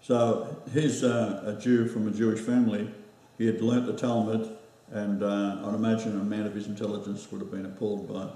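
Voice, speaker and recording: Australian male host, mellow voice, rambling with lots of fillers, set back from the mic in a very echoey room. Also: on the low side, level tone, recorded from a distance. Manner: rambling, halting with many fillers. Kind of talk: casual chat.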